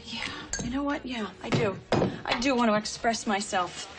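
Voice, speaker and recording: A woman's voice: on the high side, normal speed, very noisy, close to an everyday voice. An actress playing a fed-up young woman who snaps back sarcastically at her boss. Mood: defiant. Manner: sarcastic, defiant.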